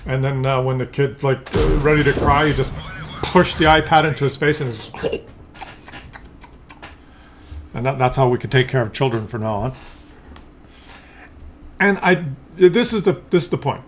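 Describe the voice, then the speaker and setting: A man's voice: mid-range voice, moderate pace, slight background noise. A man doing casual YouTube commentary, rambling conversationally with many fillers and restarts. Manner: drops into brief acted voices for examples.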